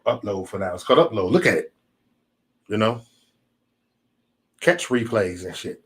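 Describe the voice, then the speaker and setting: A man hosting a casual livestream chat, talking in a profane, animated way and slipping into mocking impressions. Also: lowish voice, moderate pace. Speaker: channel host.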